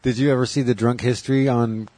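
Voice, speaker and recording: A man riffing through a loose comedy chat with a husky, slightly rough voice. He jokes easily and keeps the banter moving. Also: medium pitch, fairly even intonation, dark tone. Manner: joking, riffing, quick to do voices.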